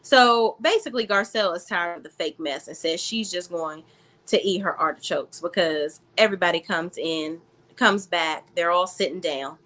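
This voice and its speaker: A woman's voice: lowish voice, normal speed, a bit bright. A woman recapping a reality TV episode in a blunt, profane, sassy style, talking straight to her viewers. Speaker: reality TV reviewer. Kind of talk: casual recap vlog.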